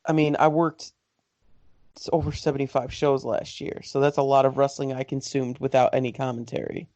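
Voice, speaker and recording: A man's voice: mid-range voice, flat delivery, a little fast, a little mellow, dry recording. A man with a mid-range voice gives emphatic, enthusiastic opinions in casual podcast chat. The sound is dry and close, with a slightly dull, lo-fi tone. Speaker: podcast co-host.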